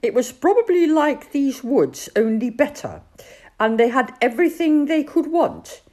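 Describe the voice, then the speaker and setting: A woman voicing a timid, gentle male toad in a storybook, earnest and wondering. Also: high voice, sing-song, unhurried, voice pushed up.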